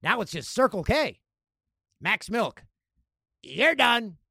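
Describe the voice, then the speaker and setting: A man hosting a podcast, telling stories in a casual, animated way and acting out other people's lines. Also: sits high, slow pace, gravelly, husky, no room sound, clean studio sound. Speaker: podcast host. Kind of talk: casual storytelling.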